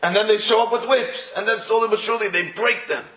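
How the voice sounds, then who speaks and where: A man's voice: high voice, fast, pushed and bright, echoey room. A man giving a sermon in story form, acting out the voices he quotes and mixing in Hebrew and Yiddish terms. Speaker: religious speaker. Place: room in England.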